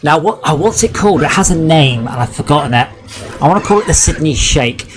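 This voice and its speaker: A man's voice: on the high side, animated, fairly quick, a little hiss or hum. A man with a broad Devon accent, chatting and joking while he streams a game, drifting off onto tangents. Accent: West Country, Devon. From Devon, England. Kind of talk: casual chat while playing a game.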